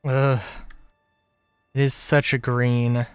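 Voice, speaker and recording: A man's voice: mid-range voice, level tone, takes it slowly, clear, resonant tone, no room sound, studio quality, soft background music. A man streaming a game live, chatting casually in a rambling, self-correcting way. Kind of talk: casual gameplay chat.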